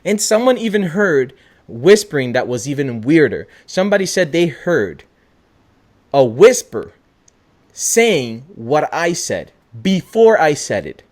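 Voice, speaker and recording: A young man hosting a casual chat show, excitable, swearing often and trailing off mid-thought. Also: a little high, measured pace. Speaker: podcast host.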